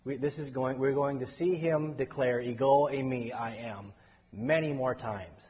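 A man teaching a Bible study class, lively and explaining, calling on the group for answers. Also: mid-range voice, unhurried. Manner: animated, takes questions from the class. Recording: echoey hall, dull lo-fi sound.

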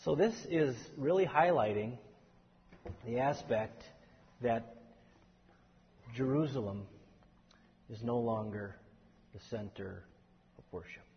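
A man teaching a Bible study class, lively and explaining, calling on the group for answers. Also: mid-range voice, slow pace, pauses often, a little hiss or hum. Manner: animated, takes questions from the class. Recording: echoey hall, dull lo-fi sound.

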